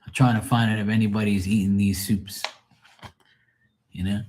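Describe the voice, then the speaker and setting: A man's voice: on the low side, steady tone, normal speed, a little mellow, a little hiss or hum. A man hosting a live stream, chatting casually with viewers in a rambling, profane way and laughing often.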